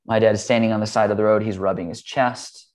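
This man teaches meditation and talks at a quick pace in a lowish voice. His delivery is earnest yet casual, mixing explanations of ideas with a personal story, with the odd "like" or "um" slipping in.

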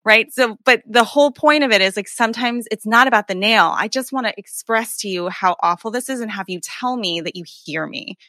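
A woman hosting a casual conversation, agreeable and relaxed as she tells a story. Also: mid-range voice, fairly quick, few pauses, no room sound.

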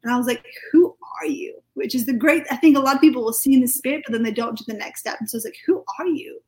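Chatty British woman, higher voice. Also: racing, low-quality recording. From United Kingdom. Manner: chatty, lively storytelling full of fillers. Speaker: podcast guest. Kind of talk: telling a personal testimony.

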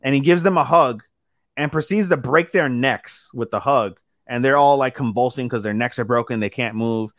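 A man co-hosts a casual podcast and retells a story in a lively way, slipping into quoted lines with "he's like." His pitch sits in the middle range. The recording is close and dry, with no room sound. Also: normal speed, dry recording. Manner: animated retelling that acts out characters' lines with lots of "he's like". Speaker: podcast co-host. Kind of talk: casual chat recapping an episode.

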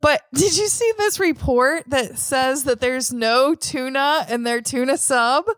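A woman's voice: high voice, unhurried, fairly bright tone, no room sound. A woman co-hosting a podcast in casual chat, playful and teasing, with lots of fillers. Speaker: podcast co-host.

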